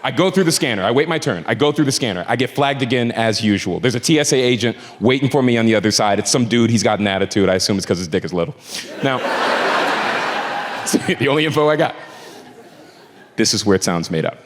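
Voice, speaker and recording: A male stand-up comedian telling a story on stage in an animated, profane way, with asides to a live audience. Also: mid-range voice, a little fast. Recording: echoey venue with audience laughter.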